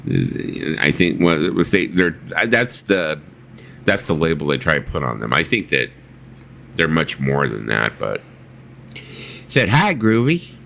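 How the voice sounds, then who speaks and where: A man's voice: very deep voice, sing-song, unhurried, gravelly, fairly bright tone, slight background noise. A man hosting a casual livestream chat, telling rambling stories and reading viewer comments aloud, swearing freely. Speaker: livestream host.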